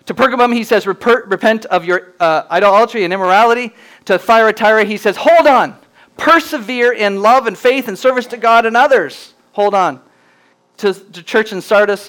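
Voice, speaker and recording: A man preaching a sermon, earnest and plainspoken, slowing down to read scripture aloud with rising emphasis. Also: high-pitched, fairly bright tone, clean tone, rough recording. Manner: reads scripture slowly and deliberately, rising for emphasis. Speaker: pastor.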